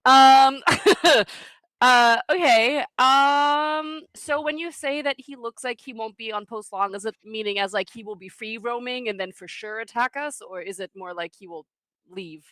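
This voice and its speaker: A woman's voice: fairly high pitch, measured pace, fairly bright tone, dry recording. A woman playing in a tabletop game, chatty and giggly. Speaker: player.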